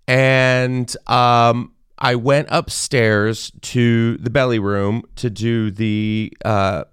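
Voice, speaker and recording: A man co-hosting a podcast, telling a funny story in a casual chat and popping into high voices when he quotes people. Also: a bit bright, smooth, dry recording, studio quality. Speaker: podcast co-host.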